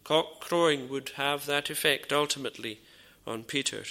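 A man preaching a sermon in an earnest, measured way, with frequent pauses and repeated phrases. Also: mid-range voice, sharp tone. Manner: drops to a near whisper in dramatised dialogue.

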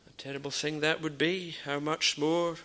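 A man preaching a sermon in an earnest, measured way, with frequent pauses and repeated phrases. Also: on the high side, little pitch movement, pushed and bright. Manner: drops to a near whisper in dramatised dialogue.

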